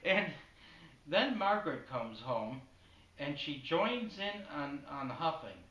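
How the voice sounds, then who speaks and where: Deadpan storyteller man in an echoey room. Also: a little high, slow. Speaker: spoken-word storyteller. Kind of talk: spoken-word storytelling. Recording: echoey room, distant mic.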